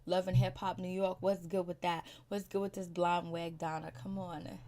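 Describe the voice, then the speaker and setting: A woman's voice: lowish voice, steady tone, normal speed. A woman giving a casual, opinionated recap of a TV episode, chatty and slangy, laughing often between her comments. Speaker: reality TV recap vlogger.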